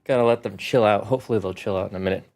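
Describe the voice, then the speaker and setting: A man's voice: on the low side, very fast, a little mellow. A man, a game master, chatting casually on his live stream from his home room, with showy greetings and chatty asides.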